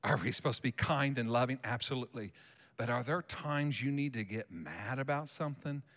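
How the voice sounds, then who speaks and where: A male pastor preaching a sermon in a church sanctuary, animated and emphatic, acting out what people say. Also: medium pitch, a little fast, big-room sound.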